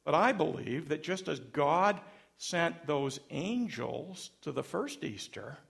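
Slow, gravelly-voiced male pastor preaching. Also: a little high, lively intonation. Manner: dramatic, varied delivery with sudden loud rises and soft drops. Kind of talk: sermon.

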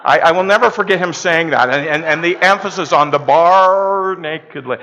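A man's voice: on the high side, fast, pushed and bright. A middle-aged man from Canada, a pastor telling a story in a conversational, self-deprecating way during a sermon in a church. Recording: muffled lo-fi church recording.

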